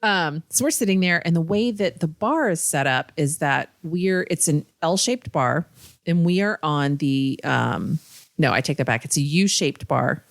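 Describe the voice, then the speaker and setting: A woman's voice: low-pitched, measured pace, creaky, no room sound, clean studio sound. Swearing woman telling a bar story. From Ohio. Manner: swearing, rambling anecdotes with voiced quotes. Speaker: podcast co-host. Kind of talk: casual storytelling chat.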